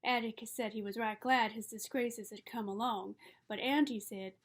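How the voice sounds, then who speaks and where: A woman reading a novel aloud as narrator, in a measured storytelling manner. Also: a little high, steady tone. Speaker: audiobook reader.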